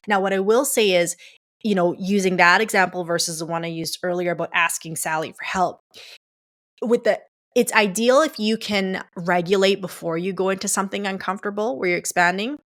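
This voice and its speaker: A woman's voice: mid-range voice, a bit bright. A woman hosting a coaching podcast, talking casually and directly to her listeners, with lots of "like" and "you know". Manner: chatty, addresses listeners as "guys", many "like" fillers. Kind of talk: casual solo podcast monologue.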